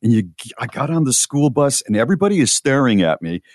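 A man co-hosting a radio show, telling stories in casual, earnest chat with halting restarts. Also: mid-range voice, very animated, dry recording, studio quality.

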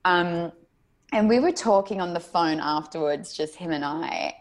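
A young Australian woman in casual chat as a guest, animated and laughing, swearing freely. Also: lowish voice, moderate pace.

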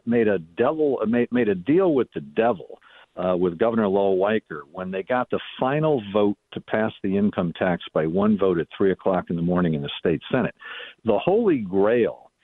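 Middle-aged man, on a phone line, dry sound, lowish voice, chatty radio caller. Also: no echo. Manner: chatty, storytelling, frequent restarts. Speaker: radio guest, former state senator. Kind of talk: casual radio call-in chat.

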